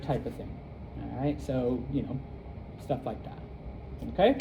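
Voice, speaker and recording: A middle-aged man from the United States teaching a casual classroom lesson, rambling with lots of fillers and quick check-ins. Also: medium pitch, expressive, gravelly, background noise. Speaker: Spanish teacher.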